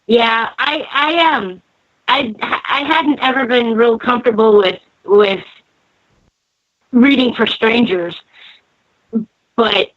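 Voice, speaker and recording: A woman guest who reads tarot cards, talking in a relaxed, rambling way on a casual podcast. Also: a little high, takes it slowly, pauses often, dry recording. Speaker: guest, tarot card reader. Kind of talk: casual interview chat. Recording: dry, dull call audio.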